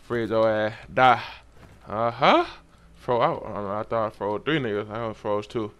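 A young man giving loose, profane, excitable commentary while playing a game. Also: lowish voice, unhurried, clear, resonant tone. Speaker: gamer. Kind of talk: casual gameplay commentary.

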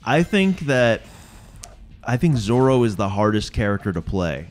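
A man's voice: on the low side, sing-song, a little slow. A young man co-hosting a let's play, chatting casually with loose, profane banter and frequent restarts. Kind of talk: casual gaming commentary.

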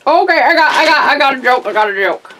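A woman's voice: high-pitched, lively intonation, quick pace, bright, forceful tone, slight background noise, poor audio. A woman voicing a cheeky, doddering old grandma pony toy who quavers and exclaims. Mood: joking.

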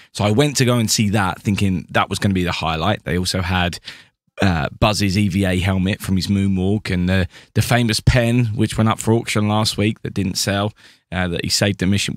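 A man's voice: low-pitched, no echo, studio quality. A man hosting a podcast interview, enthusiastic and thankful as he talks. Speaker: podcast host. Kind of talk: conversational interview.

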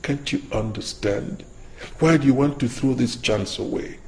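A man's voice: medium pitch, normal speed, darkish tone, a little hiss or hum, close to an everyday voice. An actor with a Nigerian accent playing a stern father who lectures his son about marriage, in a film. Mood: insistent. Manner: insistent, lecturing. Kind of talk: Nollywood film acting.

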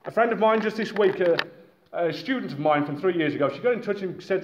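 A man preaching a sermon to a gathered congregation, animated and exclaiming, calling his listeners friends. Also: a little high, quick pace. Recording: echoey, muffled room recording with faint noise.

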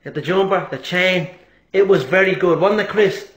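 A man's voice: sits high, normal speed, fairly bright tone, reverberant. A man impersonating a brash, boastful male fighter who swears and trash-talks. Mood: cocky.

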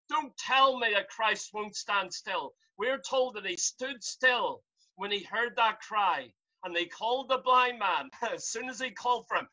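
Fervent preacher with a bright voice. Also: male voice, sits high, a little slow, low-quality recording. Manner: fervent, repetitive pleading cries, rising to shouts. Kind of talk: sermon. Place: at home. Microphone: video call.

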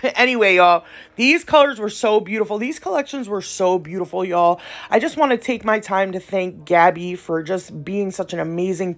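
A woman's voice: medium pitch, creaky. A woman nail tech, chatting playfully through a casual voiceover tutorial in slangy talk.

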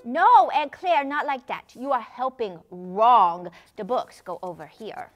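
A woman's voice: on the high side, sing-song, unhurried, lo-fi sound, faint music behind. A woman voicing an eager little boy who loves helping, talking in childlike pretend play with broken grammar, in a puppet show. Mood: insistent.

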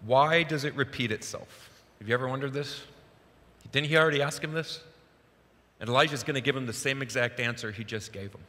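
A male pastor preaching a sermon in a church, telling the Bible story in a lively way. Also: medium pitch, a little fast. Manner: animated storytelling, acts out Bible quotes. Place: church sanctuary. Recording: long reverb of a large church hall.

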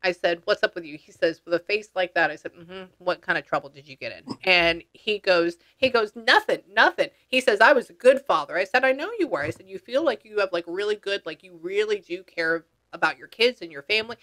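Bright-voiced chatty woman medium. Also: lowish voice, fairly quick, hardly any pauses. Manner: chatty, relays spirit quotes with slang and swearing. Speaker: psychic medium. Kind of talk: casual session talk.

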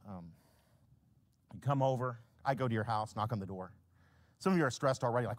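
A male pastor preaching a sermon, swinging from hushed lines to loud acted-out scenes. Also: medium pitch, brisk. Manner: acts out little scenes in quoted voices.

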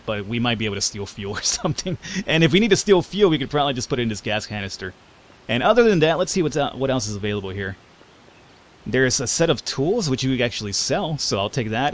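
A man's voice: mid-range voice, slight background noise. A man hosting a let's play, talking through a game with sarcastic jokes and casual swearing. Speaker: gaming channel host.

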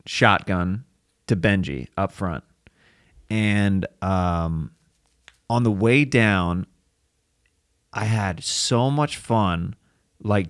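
Goofy comedy podcast host guy, swingy lively voice, dry close mic. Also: on the low side, clear, resonant tone, no echo. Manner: playful, animated, bursts into silly singing. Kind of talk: casual comedy podcast chat.

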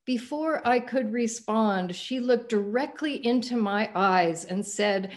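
A woman pastor giving a sermon, reading a passage aloud in a measured, expressive way. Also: fairly high pitch.

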